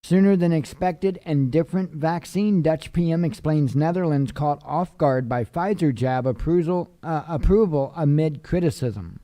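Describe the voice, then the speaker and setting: Tired man reading headlines, low-key. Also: dark tone, no room sound. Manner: tired, yawning, offhand asides. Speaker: news commentary host. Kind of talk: reading headlines with casual commentary.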